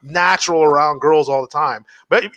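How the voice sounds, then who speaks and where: A man from Montreal on a comedy podcast, telling crude stories in an animated way and acting out the quotes. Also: fairly high pitch, brisk, lo-fi sound. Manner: animated storytelling, heavy swearing, acts out quotes. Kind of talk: casual podcast banter.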